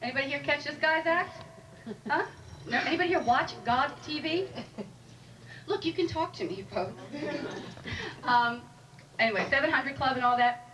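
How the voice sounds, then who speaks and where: A woman's voice: high voice, lively intonation, moderate pace, pauses often, a crowd in the background. A woman doing a stand-up comedy set in a club, chatty and wry, teasing the audience. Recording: live room recording from a distant mic with audible noise.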